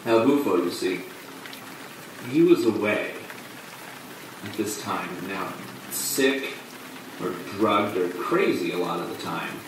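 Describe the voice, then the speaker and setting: An actor playing a male off-off-Broadway performer who tells his story in a halting way, with dark, bitter laughs. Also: fairly low pitch, animated, background noise. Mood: rueful. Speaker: actor in a monologue. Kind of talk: stage monologue on film. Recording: distant echoey room with rain.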